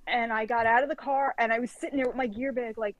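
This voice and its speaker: A woman telling a casual story as a guest, lively and acting out the dialogue, leaning on "like" as a filler. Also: a little high, quick pace, no room sound, highs cut off. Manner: lively storyteller who acts out quoted dialogue; frequent filler "like". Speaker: guest author.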